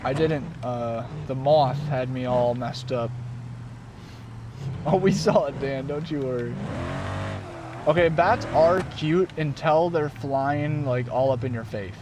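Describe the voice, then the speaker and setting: Casual male streamer in a van, excitable, cusses a lot, mid-pitched, some background noise. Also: takes it slowly. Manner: excitable, swears freely, talks to chat and his dog. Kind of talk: casual live-stream chat. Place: inside a van at night. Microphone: desk mic.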